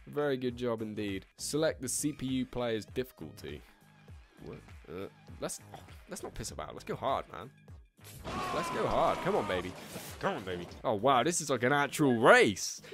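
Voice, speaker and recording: Excitable man swearing through gameplay. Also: mid-range voice. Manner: excitable, profane, quick to laugh. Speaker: gaming channel host. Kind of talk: let's play commentary.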